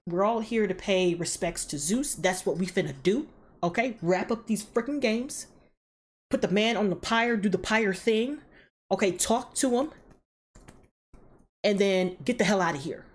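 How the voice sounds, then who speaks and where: A woman's voice: medium pitch, unhurried, natural voice. A woman putting on a fed-up earth goddess who bosses her quarreling family around in slangy, profane commands. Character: exasperated matriarch goddess scolding family.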